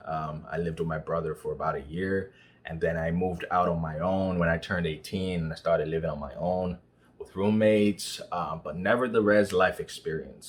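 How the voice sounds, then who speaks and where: A young man from Nigeria talking casually about student life, with lots of "you know" fillers. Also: low-pitched. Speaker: vlogger. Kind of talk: casual monologue.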